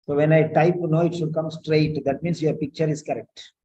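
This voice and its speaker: A man tutoring nursing students, correcting a written letter aloud, slow and repetitive, often asking pointed questions. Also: fairly high pitch, little pitch movement, warm tone, lo-fi sound, slight background noise.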